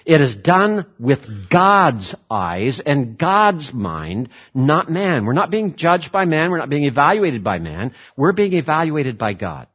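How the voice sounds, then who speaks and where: Husky guy preaching a sermon, pitch jumps all over, hammers words over and over, muffled old tape sound. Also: very animated. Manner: emphatic, repeats words for stress, shifts between slow and rapid delivery. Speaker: pastor.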